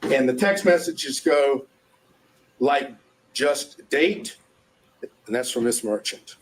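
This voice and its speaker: A male attorney in court, reading text-message evidence aloud in a measured, formal way. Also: medium pitch. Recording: archive court audio with faint noise.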